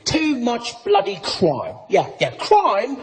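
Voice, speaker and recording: A man playing a smug British man who lectures a stranger in a rapid, know-it-all tone. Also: very high voice, huge pitch swings, heavily acted. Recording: live stage recording with audience noise.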